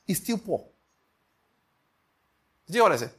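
A pastor preaching an emphatic sermon, often asking the congregation if they follow. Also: male voice, sits high, very animated, moderate pace, breathy edge.

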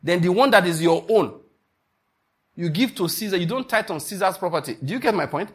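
A pastor preaching an emphatic sermon, often asking the congregation if they follow. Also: male voice, sits high, lively intonation, a little fast, fairly bright tone, breathy edge.

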